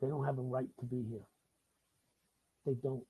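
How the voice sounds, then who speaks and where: A man's voice: medium pitch, flat delivery, normal speed, warm tone, slightly rough, no room sound. A middle-aged man from the Bronx with a New York accent, hosting a live talk-show monologue, swearing freely and repeating himself in heated bursts. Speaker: host.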